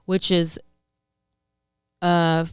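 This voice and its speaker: A woman's voice: lowish voice, little pitch movement, extremely slow, smooth, no room sound, clean studio sound, soft background music. A woman co-hosting a true crime podcast, rambling casually with lots of fillers. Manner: chatty, rambling, trails off with fillers. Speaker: podcast co-host.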